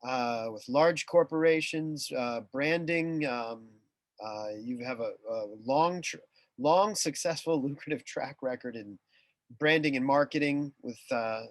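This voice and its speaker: Halting man hosting an interview, dry sound. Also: medium pitch, dry recording. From USA. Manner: halting, many fillers and restarts. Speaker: interview host. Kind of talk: casual interview chat.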